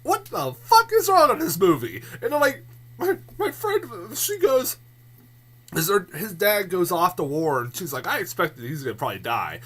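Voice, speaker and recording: A man with a bright, rather high voice rants casually about movie trailers. His pitch swings widely as he rambles, swears, laughs and works himself up into near-shouting disbelief. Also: wildly swooping pitch, measured pace. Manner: profane, rambling, laughs often; gets loud and worked up. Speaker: movie reviewer. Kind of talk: casual vlog rant.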